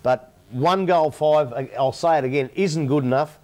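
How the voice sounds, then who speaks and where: A man's voice: on the high side, moderate pace, mellow. An Australian man on a football panel show giving blunt, opinionated takes. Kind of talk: sports panel commentary.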